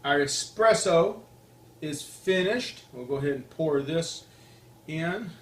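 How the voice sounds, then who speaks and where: A chatty man with a Southern US accent and a slightly higher-than-usual voice walks through each step in a relaxed, conversational way. He sounds like he is in an echoey room with a faint hiss of background noise. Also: slow pace. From Deep South, US. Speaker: host, coffee reviewer. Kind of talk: casual demonstration chat.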